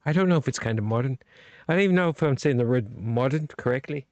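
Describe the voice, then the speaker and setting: A man's voice: medium pitch, animated, quick pace, a little mellow, dry recording. A man hosting a late-night live video stream, rambling and teasing a viewer by name while a little tipsy from drinking. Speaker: vlog host.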